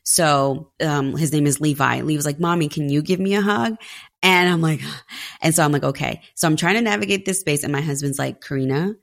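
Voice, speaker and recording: A woman's voice: low voice, fairly quick, vocal fry. A woman in her thirties telling candid stories about family life in a casual conversation, with many fillers. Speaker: podcast guest.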